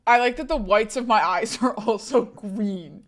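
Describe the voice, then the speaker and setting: A young woman streaming live, chatting casually in a giggly, chaotic way with loud outbursts. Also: mid-range voice, a little slow.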